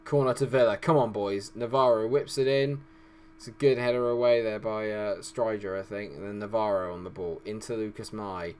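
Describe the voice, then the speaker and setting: Hoarse male gaming commentator, moody and excitable. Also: lowish voice, normal speed. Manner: swings from glum muttering to shouting outbursts. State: hoarse, losing his voice. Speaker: gaming YouTuber. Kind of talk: excited live game commentary.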